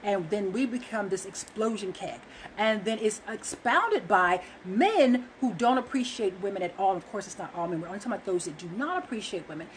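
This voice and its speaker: A woman's voice: mid-range voice, animated, brisk, few pauses, slight background noise, low-quality recording. A woman talking earnestly to viewers about relationships, emphatic and loose, with frequent fillers. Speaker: relationship speaker. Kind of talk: casual monologue to viewers.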